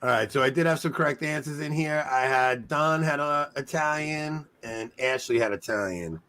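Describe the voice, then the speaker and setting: A man's voice: fairly high pitch, normal speed, pushed and bright, clear, resonant tone. A man with a Long Island New York accent, hosting a casual trivia show and laughing easily. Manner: laughing easily, loose and chatty. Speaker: quiz host.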